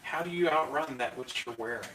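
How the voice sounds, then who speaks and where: A man playing a tabletop game with a wry, joking way of talking. He sounds far from the mic in a roomy space. Clear noise runs behind him. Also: mid-range voice, brisk. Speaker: player. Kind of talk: tabletop role-play chat. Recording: distant, roomy, noisy.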